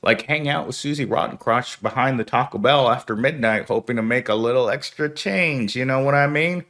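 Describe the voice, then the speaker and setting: A man who is sick and congested speaks in a stuffy, nasal voice of medium pitch, fairly quickly and with few pauses, in a fairly bright tone. He's a YouTuber doing blunt, sardonic, casual vlog commentary.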